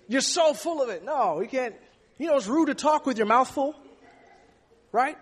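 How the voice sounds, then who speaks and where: A man's voice: extremely high pitch, lively intonation, unhurried, pauses often, a bit bright, slightly rough, in a large hall. A man preaching a sermon in an emphatic way, often repeating words as he goes.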